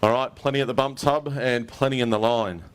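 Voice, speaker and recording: A man's voice: mid-range voice, fairly even intonation, brisk, clear, resonant tone. An Australian man emceeing an outdoor fishing weigh-in, chatty and joking with each angler. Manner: chatty, jokey, mate-heavy banter. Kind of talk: casual event commentary.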